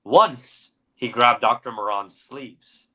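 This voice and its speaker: Bright-voiced, unhurried male podcast host. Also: mid-range voice. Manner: narrates dramatically, then chats with fillers. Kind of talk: story reading and casual chat.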